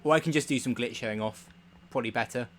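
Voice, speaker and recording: A man's voice: mid-range voice, quick pace, slight background noise. A young man doing casual commentary while speedrunning a game live, chatty and rambling. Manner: relaxed, chatty, rambling with fillers.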